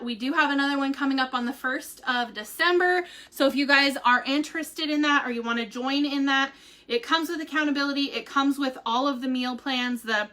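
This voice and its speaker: A woman vlogger talks to viewers on a casual live stream from home. Her voice sits high and bright, and she chats in a bubbly, rambling way with lots of ums and likes. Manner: chatty and bubbly, full of fillers like "um" and "like".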